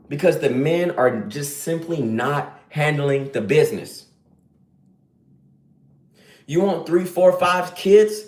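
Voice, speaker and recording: A man's voice: fairly high pitch, animated, slow pace, long pauses. Guy ranting on his stream, slangy and preachy, voice jumps all over, echoey room. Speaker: live streamer. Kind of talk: casual live-stream rant.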